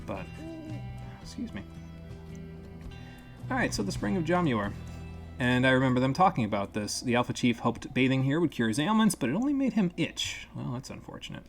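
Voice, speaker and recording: A man's voice: mid-range voice, big pitch swings, fairly quick, creaky, long pauses, faint music behind. Chatty man streaming a video game. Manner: chatty, thinks aloud, casual swearing. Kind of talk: live gameplay commentary.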